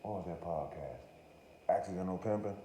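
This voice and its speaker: A man's voice: low voice, normal speed. A man hosting a podcast, riffing in a rambling, profane, joking monologue, often breaking off to say he is only playing. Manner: profane, joking, self-interrupting. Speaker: podcast host. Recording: roomy echo with faint room noise.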